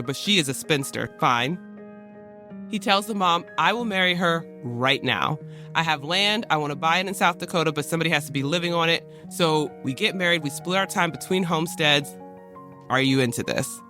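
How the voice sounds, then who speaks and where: A man's voice: a little high, brisk, sharp tone, soft background music. A man hosting a podcast, retelling a historical story in casual modern slang and briefly acting out the people in it. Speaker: podcast host.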